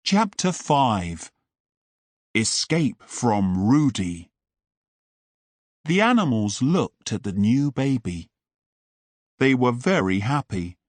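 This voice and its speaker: A man reading a simple story aloud for English learners, clear and deliberate. His delivery is extremely slow, with a lively, rising and falling melody. The sound is close and completely dry. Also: mid-range voice, no echo. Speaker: English teacher narrator. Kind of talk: slow audiobook narration for learners.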